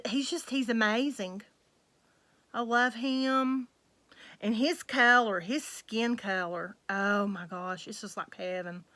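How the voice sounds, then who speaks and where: A middle-aged woman, chatting casually to her viewers as the host of her own channel, gushing in a soft, drawn-out way. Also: medium pitch. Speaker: reborn doll collector and channel host.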